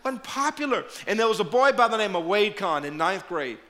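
Middle-aged male pastor, high bright voice, animated sermon delivery that drops into hushed prayer, frequent stumbles and repeats. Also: fairly quick. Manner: animated storytelling, repeats words, shifts to quiet prayerful tone.

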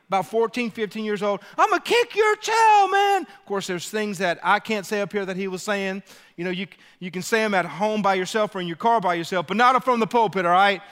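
A man from Louisiana, preaching a sermon as lead pastor, energetic and rallying his congregation as he tells a story. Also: high-pitched, clean tone, long reverb tail. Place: church.

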